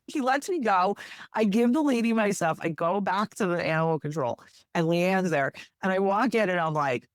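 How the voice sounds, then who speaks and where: A woman's voice: fast, no echo. Jersey woman telling a wild story, voice jumps way up for quotes, dry close mic. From New Jersey. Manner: lively, acts out quotes with big pitch jumps. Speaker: guest, animal rescue worker. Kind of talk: animated storytelling in an interview.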